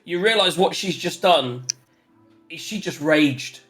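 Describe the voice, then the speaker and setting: A bright-voiced man narrating as game master, his tone light and fairly high. He laughs often and rambles through the action in a loose, chatty way. Faint music plays in the background. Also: measured pace. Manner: lively, giggly, rambling narration.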